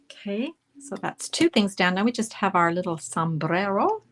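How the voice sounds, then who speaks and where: A woman from Canada giving a casual live card-making demonstration, chatting and thinking aloud as she colors, often dropping to a soft murmur. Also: medium pitch, big pitch swings, moderate pace.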